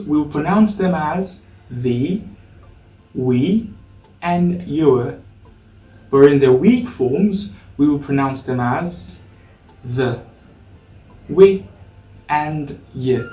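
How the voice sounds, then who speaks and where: Slow British man teaching, echoey room. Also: a little high, darkish tone, distant mic. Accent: British English. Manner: slow, careful, repeats words for the learner. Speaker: pronunciation teacher. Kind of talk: scripted lesson.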